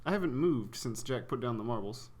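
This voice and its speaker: A man at mid pitch plays in a tabletop game, talking through each move aloud. He is eager and chatty, thinking on the fly as his turn unfolds. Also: expressive, a little fast, darkish tone. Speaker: player. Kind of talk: casual tabletop game chat.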